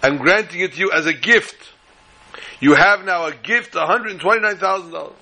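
A man voicing a kindly, wealthy older male lender who speaks in a measured, fatherly way. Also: high-pitched, sharp tone, voice pushed up, full character voice, rough recording.

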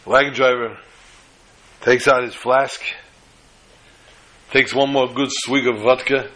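Bright-voiced man telling a folk tale. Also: slow, rough recording. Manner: acts out characters' lines in a higher, excited voice. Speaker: storyteller. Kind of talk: animated oral storytelling.

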